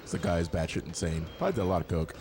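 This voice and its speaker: A man's voice: sits low, expressive, rapid-fire, background noise. A man hosting a casual game stream, joking and reading donations aloud. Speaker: stream host.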